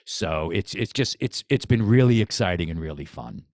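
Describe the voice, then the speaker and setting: A man with a low, deep voice talks shop as a boxing coach on a podcast. He is eager and repeats himself, circling back and restarting sentences. The sound is close and dry, with no room around it. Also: expressive, moderate pace, darkish tone, dry recording. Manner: enthusiastic, repeats phrases, many restarts. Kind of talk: casual podcast conversation.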